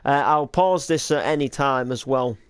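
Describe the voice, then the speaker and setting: A man's voice: mid-range voice, moderate pace. A young British man hosting a casual reaction to his old videos, rambling with lots of likes and restarts.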